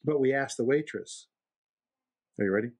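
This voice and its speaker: Husky, laughing male storyteller. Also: medium pitch, moderate pace. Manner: storyteller, animated, laughs a lot. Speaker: podcast co-host. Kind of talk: casual chat.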